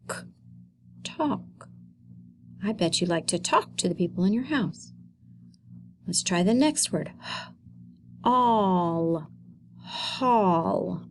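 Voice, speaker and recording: Elementary teacher lady doing a phonics video, super slow and encouraging, sounds out every word. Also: medium pitch, a little hiss or hum. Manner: slow, encouraging, sounds words out for young kids. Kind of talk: recorded phonics lesson for children.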